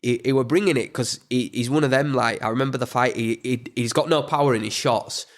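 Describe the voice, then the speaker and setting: Halting Yorkshire man, boxer. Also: medium pitch. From England. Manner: halting, repeats words, plain-spoken. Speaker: boxer guest. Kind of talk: casual interview chat.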